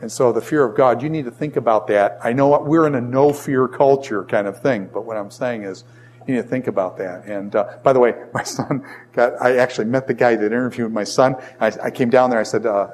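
A middle-aged man lectures his college class through a long personal story. He rambles, piles on fillers and restarts, and grows animated as he talks. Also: medium pitch, fairly quick. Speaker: college professor.

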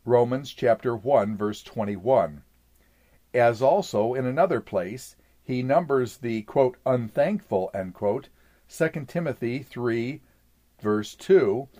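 A man reading an old sermon aloud in a measured, formal way, saying "quote" and "end quote" around scripture passages. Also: medium pitch, dark tone.

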